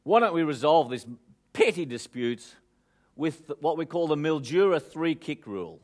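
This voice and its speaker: Cocky old bush farmer, Australian drawl, a bit high, put on by a man telling a joke. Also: expressive, normal speed, darkish tone, natural voice. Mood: folksy.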